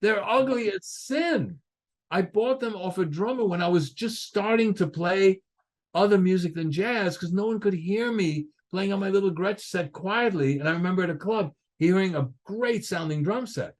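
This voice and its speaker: Older man telling lively stories. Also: high-pitched, moderate pace. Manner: animated, acts out other people's lines in his stories. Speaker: guest drummer. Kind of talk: casual storytelling interview.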